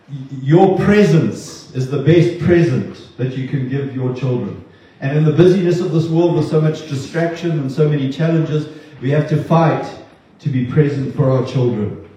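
In a church, a male pastor preaches an earnest, heartfelt sermon, frequently stumbling and repeating words. His voice is mellow and on the high side, captured with a dull, echoey, distant sound.

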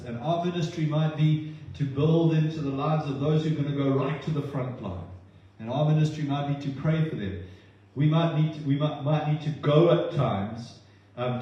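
A man's voice: mid-range voice, warm tone. Man preaching in an echoey hall. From not from New Zealand. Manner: impassioned, then halting and emotional. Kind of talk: sermon. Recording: echoey hall, distant mic, dull sound.

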